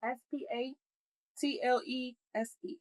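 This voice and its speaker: A woman's voice: sits high, fairly even intonation, a little slow, a little mellow. A woman co-hosting a podcast in casual chat, rambling and playful, laughing often. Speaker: podcast co-host.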